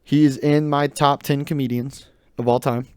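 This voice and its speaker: A man's voice: medium pitch, level tone, moderate pace, darkish tone, clean tone, no room sound, clean studio sound. A young adult man hosting his own podcast in a rambling, joking, loose and opinionated monologue. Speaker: podcast host. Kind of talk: casual solo podcast monologue.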